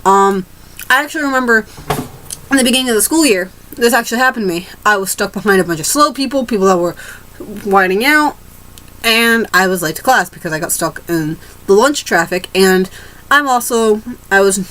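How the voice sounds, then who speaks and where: A woman's voice: mid-range voice, lively intonation, a little fast, a bit bright, low-quality recording. A teenage girl ranting to camera in a rambling, casual way, restarting her sentences and swearing freely. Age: teens. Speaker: vlogger.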